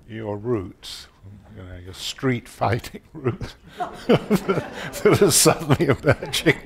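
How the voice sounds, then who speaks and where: A man's voice: medium pitch, very animated, slow, gravelly. An older man moderating an interview on stage at a public talk, putting in dry, teasing remarks between his questions.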